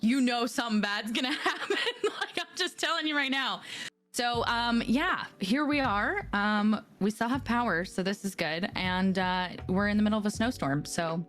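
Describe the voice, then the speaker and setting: A woman with a Canadian accent, a gaming streamer guest chatting casually, bubbly and quick to laugh. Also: on the high side, fairly bright tone. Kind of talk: casual chat.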